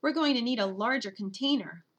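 A woman giving expressive, steady first-person narration of a children's storybook. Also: fairly high pitch, brisk. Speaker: audiobook narrator.

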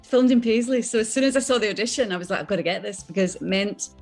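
A middle-aged woman with a Scottish accent, an actress chatting as an interview guest, animated and quick to laugh. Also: a little high, faint music behind. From born in England, raised on Islay, Scotland. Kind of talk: casual chat.

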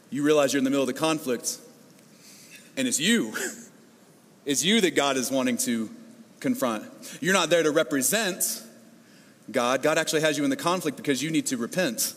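A middle-aged man preaching a sermon as pastor, animated, acting out the voices he quotes and repeating words as he builds. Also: mid-range voice, fairly quick, long pauses. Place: church hall. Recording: long hall reverb.

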